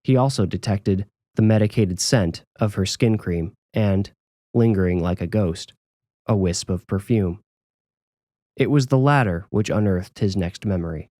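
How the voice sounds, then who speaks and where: Low-voiced male horror narrator. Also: normal speed, mellow, no echo. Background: music.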